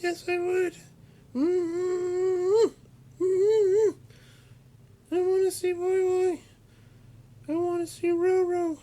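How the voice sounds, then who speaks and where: Fred, a squeaky silly monkey puppet. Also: male voice, little pitch movement, extremely slow, long pauses, warm tone, full character voice. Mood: cheerful. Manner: high squeaky voice, mixes up animal noises. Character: silly childlike male monkey puppet, cheerful and dim.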